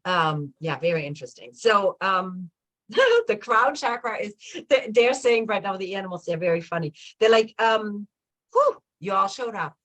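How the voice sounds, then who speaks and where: A woman hosting a casual spiritual talk show, chatty and animated, with many fillers and restarts. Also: medium pitch, normal speed, low-quality recording. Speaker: host of a spiritual chat show.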